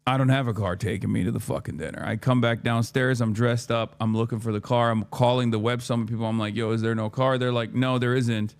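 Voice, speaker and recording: A man's voice: medium pitch, quick pace, creaky, hardly any pauses. A man in his thirties, a streamer, casually telling a story, swearing often and acting out his own lines of dialogue. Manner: profane, animated, acts out his own dialogue.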